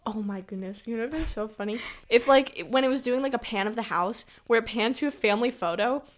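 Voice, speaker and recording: A young woman co-hosting a casual chat over a video call, giggly and rambling, her voice trailing off softly. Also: on the high side, fast. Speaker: co-host.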